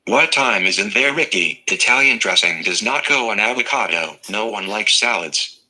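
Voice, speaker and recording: Robotic dude voice reading chat msgs out loud, slightly low, really bright and sharp. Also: male voice, moderate pace, poor audio. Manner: flat, evenly paced machine delivery. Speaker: text-to-speech reader of viewer messages. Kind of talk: synthetic voice reading chat messages aloud.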